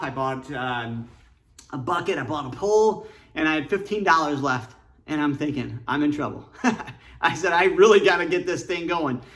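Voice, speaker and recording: A man's voice: a little high, fairly bright tone. A middle-aged man from Michigan telling his life story casually and earnestly, rambling with fillers while sitting in his car. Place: inside a parked car.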